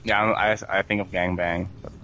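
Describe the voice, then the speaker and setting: A man's voice: sits low, flat delivery, a little fast, pushed and bright, highs cut off, a little hiss or hum. A man acting as guest commentator on a game stream, dry and sarcastic, reading out viewer comments. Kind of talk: casual gaming livestream chat.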